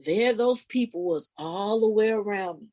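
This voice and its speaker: A woman guesting on a podcast as a spiritual life coach, telling a personal story casually and expressively, her voice leaping high at the big moments. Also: moderate pace, low-quality recording. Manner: animated, expressive retelling with sudden pitch leaps; casual, informal phrasing with restarts.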